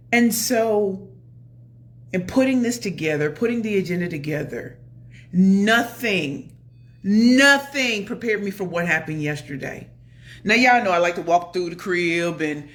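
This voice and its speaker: A woman in her forties vlogging from home with a bright, forceful voice. She tells her story in a casual, expressive way, talking straight to her viewers. She moves between loud excitement and soft, confiding asides. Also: mid-range voice. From New York area. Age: 40s. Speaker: motivational speaker and vlogger. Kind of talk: casual animated vlog storytelling.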